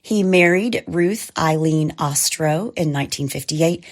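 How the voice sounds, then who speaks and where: A woman with a hoarse voice from a cold, co-hosting and narrating a true crime podcast in a measured, scripted way. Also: deep voice. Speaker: podcast co-host.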